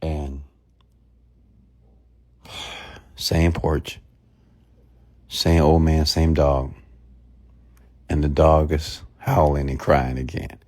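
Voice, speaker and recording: A man's voice: a bass voice, little pitch movement, very slow, pauses often, a little mellow. A man giving a blunt, emphatic motivational sermon and telling a story to his audience. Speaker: motivational speaker.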